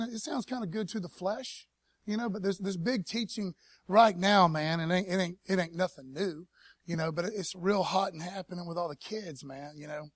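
A pastor preaching a casual sermon at a church service, in a laid-back, slangy way and calling on the congregation to respond. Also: male voice, high voice, no echo. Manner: laid-back slangy preaching, peppered with "man" and "you know what I mean"; calls for audience response.

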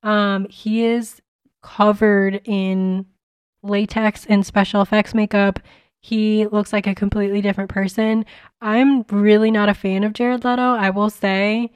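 A woman talks through a casual film review in a blunt, chatty way, packing her sentences with filler words. Her voice is smooth and resonant, and the recording is dry and close with no room sound. She sits at a middling pitch for a woman. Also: level tone, unhurried, dry recording. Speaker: movie reviewer.

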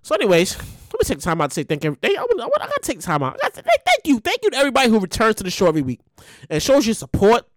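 A woman hosting a podcast in a casual monologue, with a loud voice and an animated, profane way of talking. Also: fairly high pitch, rapid-fire, no echo. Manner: animated, profane, acts out quotes in bursts. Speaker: podcast host.

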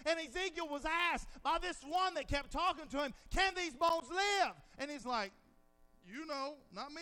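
A man preaching a sermon, dramatizing scenes with quoted dialogue and swinging from hushed lines to shouted peaks. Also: very high voice, expressive, moderate pace.

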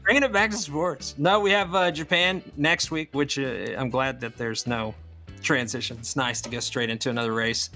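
A man's voice: mid-range voice, fairly even intonation, normal speed, sharp tone, faint music behind. A man co-hosting a podcast in casual banter, rambling with many fillers and restarts and a teasing tone. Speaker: podcast co-host.

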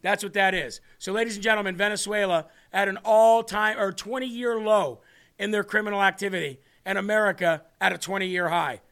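A man's voice: high-pitched, steady tone, fairly quick, fairly bright tone, clear, resonant tone. A man hosting a political talk show, rambling and sarcastic as he speaks to the audience. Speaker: show host.

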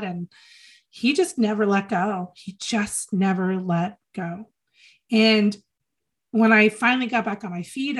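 A woman speaks as an interview guest, recalling a dear friend with earnest feeling. Her talk halts and restarts, and she repeats key phrases to press them home. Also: mid-range voice. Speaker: podcast guest. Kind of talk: emotional personal reminiscence.

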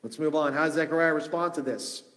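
Brief: man pastor, high voice, impassioned sermon, long hall reverb. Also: fast talker. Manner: impassioned, shifting from loud to hushed.

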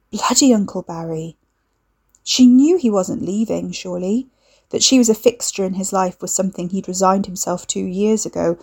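A woman narrating a dark fiction story in a measured, steady reading. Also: medium pitch, vocal fry, breathy edge. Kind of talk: scripted audiobook narration.

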